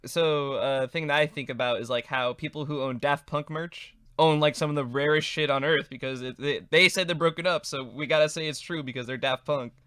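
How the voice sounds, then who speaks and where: A man's voice: fairly high pitch, fairly quick, hardly any pauses, smooth, no room sound, studio quality. A man hosting a casual podcast interview, joking and chiming in with short agreements. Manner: relaxed, jokey, short agreements. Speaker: podcast host.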